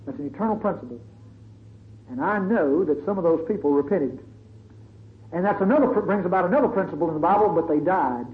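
A man's voice: sits high, expressive, quick pace. A male preacher giving a sermon in a dramatic, conversational storytelling manner. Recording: tinny phone-like recording, faint hiss.

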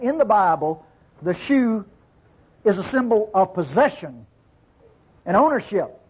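A husky, fairly high male voice that swings widely as he teaches scripture. He alternates between reading verses aloud and explaining them informally, often turning to his listeners to ask if they follow. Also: sing-song, a little slow, long pauses, a little mellow. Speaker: Bible teacher. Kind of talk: conversational Bible teaching.

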